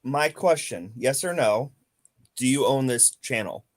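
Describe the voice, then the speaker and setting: A man's voice: mid-range voice, expressive, a little slow. A man on a livestream panel, asking blunt, pointed questions and joking around. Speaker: panel guest. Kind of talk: casual livestream chat.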